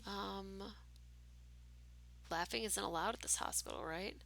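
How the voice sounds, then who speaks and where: Woman streamer, casual reader of a text game, bright edgy tone with a gravelly texture. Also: mid-range voice, takes it slowly, pauses often, a little hiss or hum. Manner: casual asides with fillers between narration. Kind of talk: reading a story game aloud with commentary.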